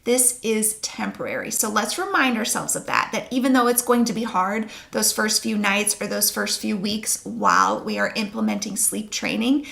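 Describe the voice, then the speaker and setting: Reassuring woman with a gravelly edge. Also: medium pitch, animated, normal speed, hardly any pauses, fairly bright tone. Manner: earnest, reassuring, emphatic. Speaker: sleep consultant. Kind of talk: talking-head advice video.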